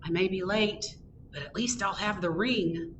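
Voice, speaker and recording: A woman voicing a frantic, lost man running late for his own wedding, yelling in a shrill panic. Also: unhurried, a little hiss or hum, close to an everyday voice. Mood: relieved.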